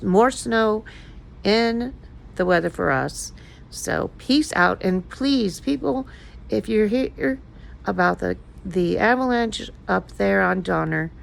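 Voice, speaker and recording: A woman's voice: medium pitch, unhurried, vocal fry, rough recording. An older woman talking casually in a personal vlog, emotional and rambling as she confides in her viewers. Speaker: vlogger.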